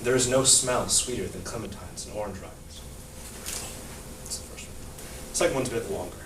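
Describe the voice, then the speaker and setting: A man's voice: on the low side, fast talker. A man at an open mic who hesitates and searches for words before reading his own poems in a coffee house. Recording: echoey room from far off, with noise.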